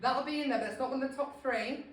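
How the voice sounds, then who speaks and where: A woman's voice: sits high, fast, slight background noise. A woman from Scotland giving a humorous, informal talk to a small group, laughing at herself often. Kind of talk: chatty informal presentation. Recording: echoey room, voice from a distance.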